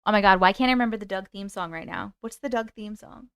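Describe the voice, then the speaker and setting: A woman's voice: medium pitch, fast talker, fairly bright tone, smooth, dry recording, studio quality. A young adult woman hosting a live stream, chatting casually and laughing as she reads viewers' comments aloud. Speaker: YouTube live host.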